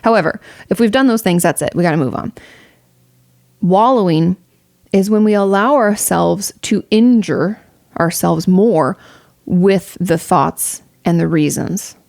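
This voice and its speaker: A woman's voice: lowish voice, measured pace, creaky, a little mellow, no echo, studio quality. A young woman streamer giving casual, candid advice to a viewer, rambling with fillers and swearing freely. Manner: rambling with many fillers and restarts. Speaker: streamer answering a viewer question.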